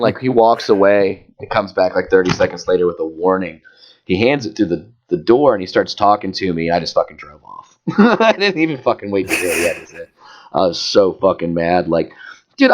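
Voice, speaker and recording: A man's voice: sits low, highs cut off. A man co-hosting a podcast, telling a story in casual chat, swearing constantly and working himself up. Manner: profane, heated, animated storytelling. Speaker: podcast co-host.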